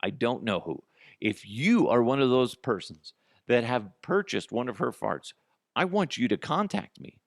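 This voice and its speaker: A man hosts a solo comedy podcast, ranting profanely at a measured pace in a creaky voice whose pitch swings widely as he riffs. Animated, he acts out both sides of a dialogue, and the sound is dry and close with no room around it.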